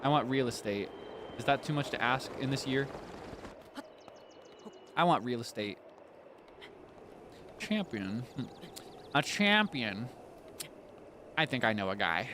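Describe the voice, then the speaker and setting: A man streaming a game, chatting softly and thinking aloud as he plays. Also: medium pitch, normal speed, long pauses, noisy background. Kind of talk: casual game commentary.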